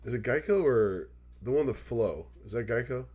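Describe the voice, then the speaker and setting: A man of middle pitch with a dark, mellow tone, chatting casually with a friend. His voice swings widely and lively as he tells stories, laughs often and swears without care. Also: normal speed, breathy edge. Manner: animated storytelling, swears freely, laughs often. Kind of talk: casual chat.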